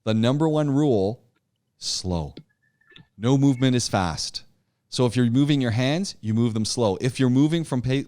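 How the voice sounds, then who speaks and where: A man's voice: mid-range voice, a little mellow. Encouraging male speaking teacher. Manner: encouraging, many repeated yeahs and restarts. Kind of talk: interactive class discussion.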